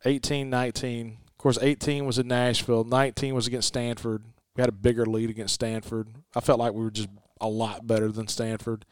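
A man hosting a sports talk show, chatting casually about a baseball game and reading the stats in a folksy, animated way. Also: medium pitch, brisk, hardly any pauses, smooth, dry recording. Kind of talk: casual sports podcast chat.

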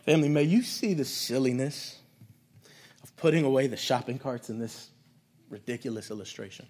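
A man's voice: mid-range voice, moderate pace, darkish tone. A man preaching a sermon as a pastor, speaking to his church in a conversational, storytelling way.

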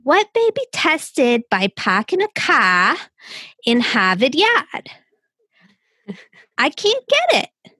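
A chatty middle-aged mom, stuck on a crossword clue, pitched high and loud and sounding flustered, as a woman puts her on for a friend. The voice is bright and close up, in a dry room. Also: wildly swooping pitch, slow, pauses often, no echo, exaggerated voice.

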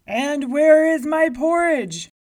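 A woman voicing a huge, hungry male giant who bellows his words slowly and loudly. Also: high voice, expressive, pitched above the performer's own voice. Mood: demanding. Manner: slow, loud, drawn-out bellowing.

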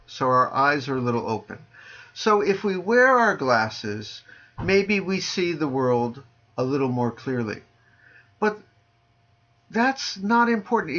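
Lively playful man on a muffled call. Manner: dry joking, playful sing-song delivery, drops low on punchlines. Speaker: Zen teacher answering listener questions. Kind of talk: casual podcast chat over a video call. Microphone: video call. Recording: lo-fi video call audio.

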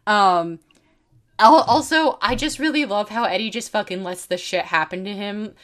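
A woman co-hosting a podcast, telling stories in an animated, sweary way with lots of fillers. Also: medium pitch, moderate pace. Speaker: podcast co-host. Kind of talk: casual chat.

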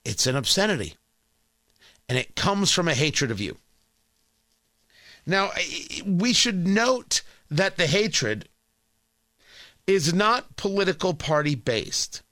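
Indignant high-voiced man, slow and sarcastic. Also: very animated, pushed and bright, no room sound, clean studio sound. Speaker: political commentator. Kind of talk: opinion monologue.

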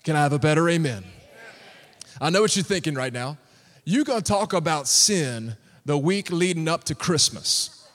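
A man's voice: a little high, animated, normal speed, a bit bright. A man preaching a sermon to a congregation, emphatic and calling for responses. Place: church sanctuary. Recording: long reverb of a large hall.

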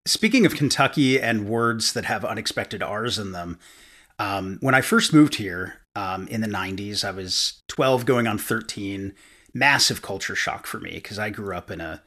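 Lively, bright-voiced man chatting on a podcast. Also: lowish voice, moderate pace. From upstate New York, USA. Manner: rambling, with many fillers and restarts. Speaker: podcast guest. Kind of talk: casual podcast chat.

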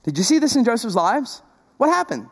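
A woman pastor preaching a sermon, full of rhetorical questions, shifting between loud emphasis and soft, tender passages. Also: on the high side, a little fast. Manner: animated, asks the congregation many rhetorical questions.

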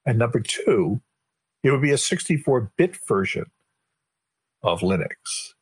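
A man's voice: medium pitch, a little slow, breathy edge, no echo. An older man, a guest on an interview podcast, telling a long anecdote in a casual way and acting out the lines of the people in it. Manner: lively storyteller who acts out quoted dialogue. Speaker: guest, board chair of a tech body.

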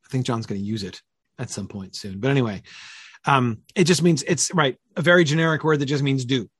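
A man teaching a Bible study in an easy, conversational way, often pausing with fillers and asking his listeners to confirm points. His voice is a little husky and sits at an ordinary middle pitch. The recording is dry and close. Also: a bit bright, dry recording. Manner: thinking aloud, many fillers and tag questions.

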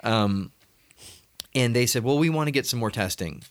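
A man's voice: medium pitch, normal speed. A middle-aged man hosting a podcast, chatty and joking as he tells stories in casual conversation. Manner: chatty, joking, animated storyteller. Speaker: podcast host. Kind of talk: casual chat.

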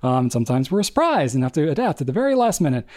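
A man co-hosting a casual podcast, explaining at length in an animated, rambling way. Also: on the high side, quick pace. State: out of breath. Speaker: podcast co-host.

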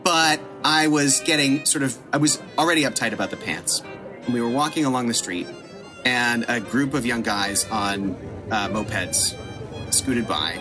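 A middle-aged man, a podcast guest telling an animated, self-deprecating story and laughing at himself. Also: mid-range voice, moderate pace, over music. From United States.

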